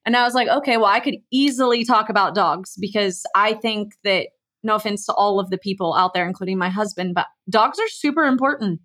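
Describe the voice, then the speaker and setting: A woman's voice: medium pitch, fairly quick, a bit bright. A woman, a podcast guest telling a casual story in a chatty way and acting out quoted dialogue.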